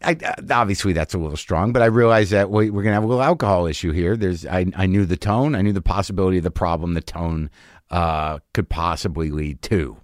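A man, a comedian guest on a podcast interview, telling crude road stories in a profane, animated way. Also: low voice, fast, no echo, studio quality.

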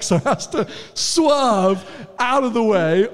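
Chatty man, higher voice. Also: lively intonation, measured pace. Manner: chatty, laughing, jokey storytelling. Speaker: podcast co-host. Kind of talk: casual chat before a live audience.

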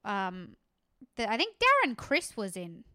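A woman's voice: medium pitch, huge pitch swings, unhurried, bright, forceful tone, clear, resonant tone, dry recording, studio quality. A woman and actor talking casually in a self-deprecating, rambling way. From Australia. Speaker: actor and podcast co-host. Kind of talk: casual chat.

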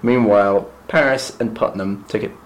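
A man's voice: lowish voice, moderate pace, slight background noise. A man co-hosting a podcast in casual chat, recapping a play with a dry, teasing wit. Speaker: podcast co-host.

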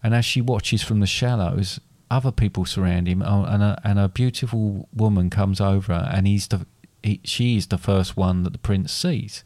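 A man's voice: fairly low pitch, fairly even intonation, moderate pace, few pauses, darkish tone, dry recording. A man casually retelling a fairy tale in a chat, rambling and correcting himself as he goes. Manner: rambling, self-correcting storyteller.

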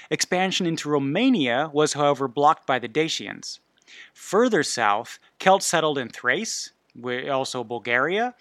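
A man hosts a history podcast, reading from his notes informally with asides and corrections of himself. His voice is on the high side with a fairly bright tone and no echo.

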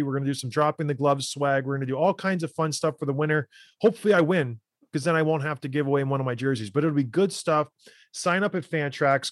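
A man in his thirties hosts a podcast, a former hockey player who gets fired up and hammers his points home. His voice sits a little high for a man. The recording is dry and close, with no room sound. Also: no room sound. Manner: fired-up, emphatic ranting. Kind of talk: casual chat and ad read.

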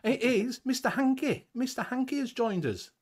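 A man's voice: very high-pitched, animated, moderate pace, darkish tone. A man with a Northern English accent hosting a casual livestream chat, swearing freely and chuckling as he talks. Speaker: host.

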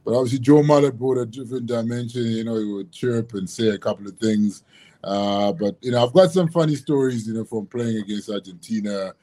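A man talking casually as a podcast guest, relaxed, laughing often and leaning on "you know" fillers. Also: mid-range voice, fairly quick. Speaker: guest, former rugby prop.

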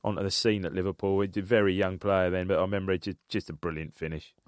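A man's voice: low voice, little pitch movement, quick pace, no echo, clean studio sound. A man co-hosting a casual football podcast, jumping in eagerly with comments. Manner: chatty, eager interjections. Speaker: podcast co-host.

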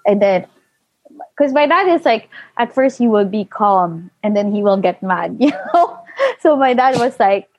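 A young woman telling a personal story in casual chat, full of fillers and animated quoting. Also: a little high, moderate pace, no echo. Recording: dull lo-fi, dry.

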